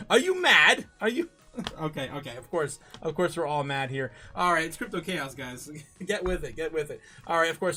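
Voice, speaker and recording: A man hosts a casual livestream, chatting loosely and laughing often. He stumbles through restarts and fillers in a bright, tense voice that sits slightly high. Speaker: crypto livestream host.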